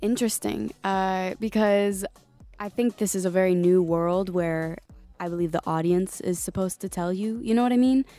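A woman's voice: medium pitch, moderate pace, mellow, soft background music. A young woman singer chatting casually in a radio interview, full of likes and you-knows. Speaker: guest singer.

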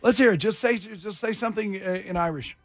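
A man's voice: high voice, a little fast, faint music behind. A man hosting a radio show, bantering playfully and bossing his co-hosts through a game. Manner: playful, bossy game-runner. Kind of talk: casual morning radio banter.

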